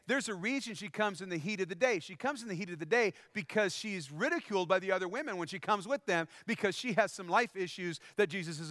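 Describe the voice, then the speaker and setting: A man's voice: high voice, fairly bright tone, no room sound, clean studio sound. A man preaching a sermon in a conversational way, often asking the congregation questions. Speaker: pastor.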